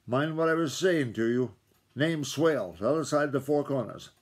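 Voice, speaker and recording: A man's voice: mid-range voice, normal speed, a little mellow, close to an everyday voice. Dad doing sly old farmer guy, drawly backwoods talk, snickery. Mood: wheedling.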